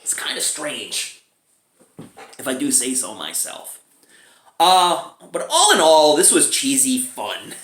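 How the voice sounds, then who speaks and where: A man's voice: medium pitch, wildly swooping pitch, slow, long pauses, a bit bright. A man casually reviewing a movie, chatty and chuckling often as he talks. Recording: roomy echo.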